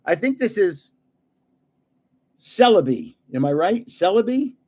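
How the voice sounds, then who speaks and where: A man's voice: high voice, big pitch swings, measured pace, warm tone, husky. An older man hosting a livestream, chatting casually and chuckling at himself as he guesses card names. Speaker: card-collecting livestream host. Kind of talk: casual live chat while opening card packs.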